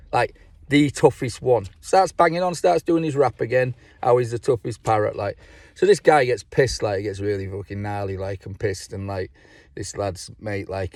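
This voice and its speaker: A man's voice: on the low side, darkish tone, dry recording. Rambling, swearing man. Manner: rambling, swears a lot, laughs at his own jokes. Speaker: vlogger. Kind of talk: casual joke-telling to camera.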